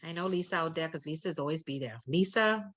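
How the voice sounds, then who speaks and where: A woman leading an online training call, animated and playful, teasing participants by acting out what they might be thinking. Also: low-pitched, fairly quick, low-quality recording. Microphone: video call.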